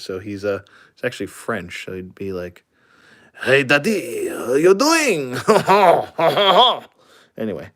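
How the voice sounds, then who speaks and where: A man with a somewhat low voice talks through a casual toy review. He rambles loosely, filling pauses and chuckling along the way. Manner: rambling, many fillers and chuckles.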